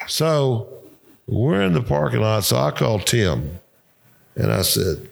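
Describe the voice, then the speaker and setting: A man's voice: lowish voice, animated, unhurried, vocal fry, slight background noise. An older man telling profane, laughing coaching stories in casual conversation. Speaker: retired football coach, guest. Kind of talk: casual storytelling.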